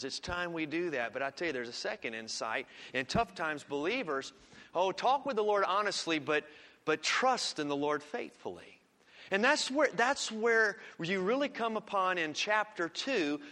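A man preaching a sermon, swinging from loud emphatic lines to hushed ones. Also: on the high side, very animated, moderate pace. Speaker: pastor. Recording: long reverb of a large hall.

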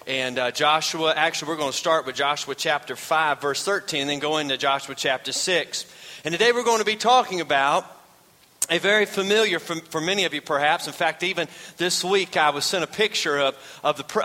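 A male pastor with a high, bright voice, telling stories and calling out to his congregation. He preaches in a folksy way. The sound rings through a reverberant church hall. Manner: folksy storyteller, calls out to the congregation. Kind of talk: sermon.

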